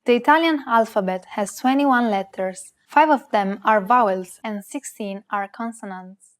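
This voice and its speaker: A woman co-hosting a language lesson, reading a script and saying example words slowly and carefully. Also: on the high side. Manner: slow, careful, precise pronunciation of example words.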